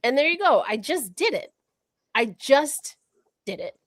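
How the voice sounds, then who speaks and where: A woman's voice: high voice, very animated, measured pace, no echo. A woman co-hosting a casual livestream discussion, talking in a thoughtful, reflective way, often restarting her sentences as she works through ideas. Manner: thoughtful, thinking out loud with many restarts. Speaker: podcast co-host.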